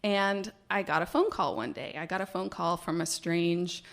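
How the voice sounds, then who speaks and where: A woman biologist telling a personal story live on stage, animated and laughing, with hesitations and fillers. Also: fairly low pitch, normal speed, gravelly.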